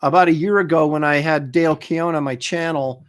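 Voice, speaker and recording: Chatty middle-aged man, fairly high voice. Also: fairly quick. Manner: relaxed, chatty, reads viewer comments aloud. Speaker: comic artist and show co-host. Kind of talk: casual livestream chat.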